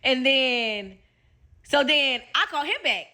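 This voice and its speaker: A woman's voice: sits high, takes it slowly. A woman with a Southern US accent casually telling a story, acting out the people in it and swearing a lot. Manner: animated retelling with quoted voices, heavy profanity.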